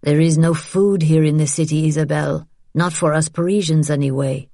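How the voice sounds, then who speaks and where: A woman voicing a weary, bitter middle-aged father who speaks in flat, guarded tones. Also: deep voice, moderate pace, creaky, dry recording, clean studio sound.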